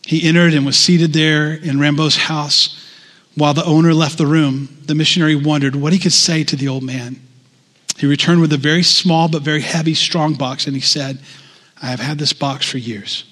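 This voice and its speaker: A man's voice: fairly high pitch, steady tone, normal speed, a bit bright, big-room sound. A male pastor preaching a sermon in a conversational way, often asking the congregation questions.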